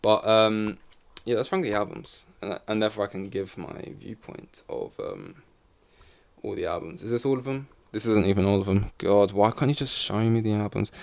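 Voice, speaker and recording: Male podcast host, solo, loose and chatty, trips over himself, sits a bit low. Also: moderate pace, vocal fry, a little mellow, clean tone. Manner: rambling, self-correcting, swears casually. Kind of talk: casual solo chat. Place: in front of a camera.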